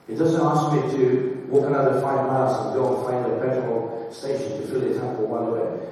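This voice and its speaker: A man's voice: medium pitch, level tone, brisk, mellow, distant mic, a little hiss or hum. Man preaching in an echoey hall. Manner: conversational, with many fillers and restarts. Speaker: pastor. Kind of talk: sermon. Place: church hall.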